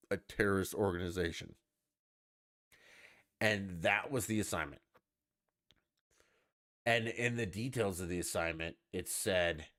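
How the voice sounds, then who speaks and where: A man's voice: sits low, fairly bright tone, no room sound, studio quality. A man hosting a podcast, ranting casually with profanity and sarcastic mock voices. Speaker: podcast host.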